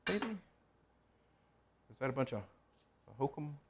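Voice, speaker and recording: This time the cooking vlog host has a fairly high, expressive voice and speaks slowly, with background noise present. He rambles and jokes to himself and his viewers while chopping in his home kitchen.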